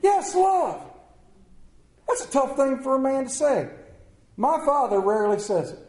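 A male pastor preaching a Sunday sermon, animated and joking with the congregation, swinging between loud emphasis and quiet asides. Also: very high-pitched, moderate pace. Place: church sanctuary. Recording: echoey church room.

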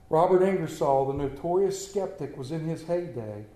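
High-voiced preacher in an echoey church. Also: male voice, moderate pace. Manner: storytelling, shifts between hushed tender reading and lively humor. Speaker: pastor. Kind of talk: sermon.

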